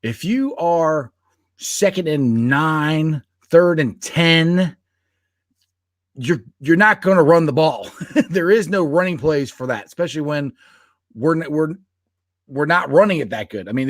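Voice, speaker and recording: Sports podcast co-host, male, animated and expressive, a slightly raised voice, dry close mic. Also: fairly high pitch, measured pace, no echo. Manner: animated, laughs often, restarts sentences. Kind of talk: casual sports chat.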